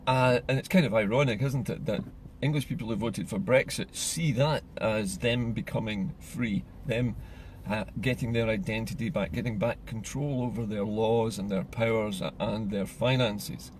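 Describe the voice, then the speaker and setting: A man from Scotland giving an earnest, measured solo monologue as a political commentator. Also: lowish voice, a little hiss or hum.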